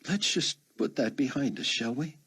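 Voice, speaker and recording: A man's voice: mid-range voice, expressive, normal speed, sharp tone, husky, voice pushed up, exaggerated voice. A man voicing a hurt, guarded grown woman in conversation. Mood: wary.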